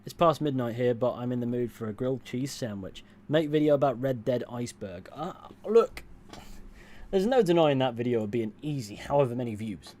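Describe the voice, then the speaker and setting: A man with a mid-pitched voice chats casually on a livestream. He reads viewers' comments aloud and answers them in a dry, offhand way. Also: expressive, a little fast, a little mellow. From England. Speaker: streamer reading chat.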